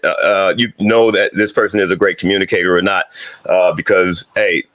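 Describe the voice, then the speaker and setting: A man's voice: low-pitched, fairly even intonation, brisk, a bit bright. A man in a casual group discussion, explaining with restarts and little laughs. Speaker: guest.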